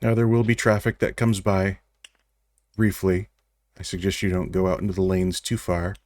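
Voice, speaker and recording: Deep-voiced man running a tabletop game. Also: moderate pace, dry recording. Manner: relaxed, wry narration with small restarts. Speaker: game master.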